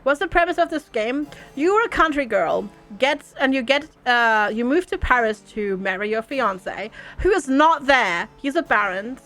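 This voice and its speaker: A woman's voice: high-pitched, animated, normal speed, few pauses, a bit bright, soft background music. A woman hosting a gaming video, playfully reading the game's text aloud and chatting about it. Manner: playful, laughs often. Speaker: gaming channel host. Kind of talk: reading game text aloud with casual commentary.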